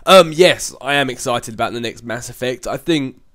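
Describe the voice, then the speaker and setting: A young man hosting his channel answers viewer questions at a moderate pace, his mid-range voice a bit bright. The chat stays casual and rambling, full of laughs and filler hums.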